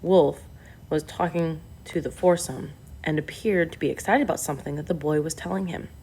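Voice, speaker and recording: A woman reads a novel aloud in steady, plain narration. Her voice is low and gravelly. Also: moderate pace. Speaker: audiobook reader.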